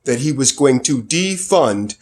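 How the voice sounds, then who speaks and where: A man delivering political commentary in a vlog, emphatic and sarcastic, his pitch and loudness swinging widely. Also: expressive, measured pace.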